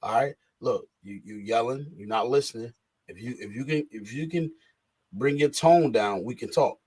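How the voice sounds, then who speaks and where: A man's voice: medium pitch, moderate pace, darkish tone, breathy edge. A man in casual chat, talking emphatically and lecturing, repeating his points. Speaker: podcast host.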